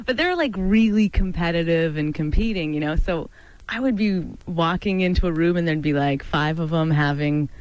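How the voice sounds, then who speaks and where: A woman's voice: fairly low pitch, normal speed, a little mellow, no room sound. A woman comedian chatting as a studio guest, laughing often and joking at her own expense. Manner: self-deprecating, laughing often. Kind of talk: casual chat.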